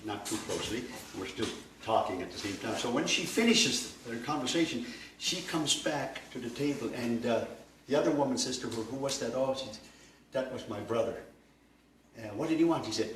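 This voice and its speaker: A man teaching a language workshop, telling anecdotes in a lively way and laughing along with them. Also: mid-range voice. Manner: lively, laughing as he tells stories. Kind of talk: anecdotal storytelling lecture. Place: workshop room. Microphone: distant mic. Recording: echoey room, far from mic, noisy.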